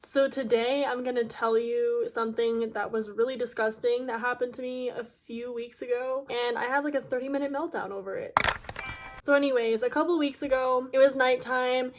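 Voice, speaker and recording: A woman's voice: a little high, fairly even intonation, moderate pace, slight background noise. A young woman YouTuber telling a dramatic storytime to her viewers in a chatty, filler-heavy way. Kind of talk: casual storytime vlog.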